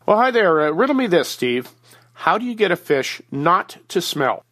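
A man's voice: high voice, big pitch swings, normal speed, fairly bright tone. Folksy male commentator on the line. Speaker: regular guest commentator, publisher. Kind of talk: conversational explainer. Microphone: phone line.

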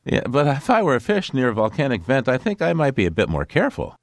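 A man's voice: mid-range voice, wildly swooping pitch, fast talker, dry recording. A man hosting a radio show, introducing a regular guest and trading wry banter with him. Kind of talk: scripted radio interview.

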